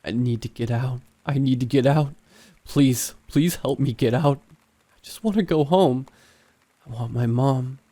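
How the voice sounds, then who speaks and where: A man's voice: mid-range voice, measured pace, dark tone, natural voice. Man doing a scared trapped teen boy, urgent and pleading, slightly raised voice. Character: desperate trapped teenage boy, frightened.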